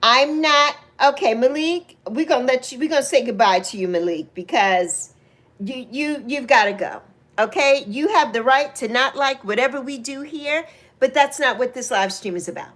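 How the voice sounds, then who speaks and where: A woman in her sixties with a high voice talks casually to her livestream viewers. She is openly emotional and greets people by name. She laughs easily and jumps up into excited peaks. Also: normal speed. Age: 60s. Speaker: livestream host.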